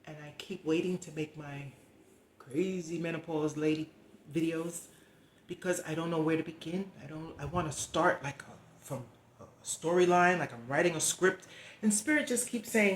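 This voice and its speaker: A woman's voice: low-pitched, normal speed, roomy sound, slight background noise. A middle-aged woman talking candidly to camera in a rambling, heartfelt, confiding way. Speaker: vlogger. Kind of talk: candid personal vlog talk.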